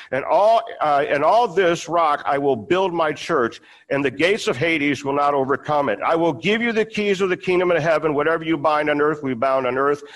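Male pastor, somewhat high-pitched, casual sermon delivery, reads and explains scripture with restarts. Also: fairly bright tone, rough recording.

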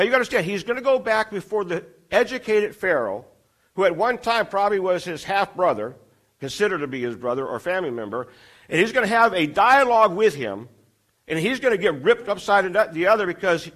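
A man preaching a sermon, retelling a story with lively acted-out dialogue and climbing intensity. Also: sits high. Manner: animated storytelling, acting out dialogue with rising intensity.

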